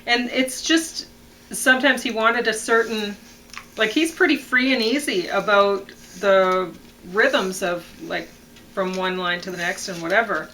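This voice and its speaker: A woman's voice: medium pitch, unhurried, bright, forceful tone, slight background noise, low-quality recording. A woman co-hosting a casual show, reading lyric lines and explaining which words should carry the stress, with frequent ums. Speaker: podcast co-host reviewing songs. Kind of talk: casual analytical chat.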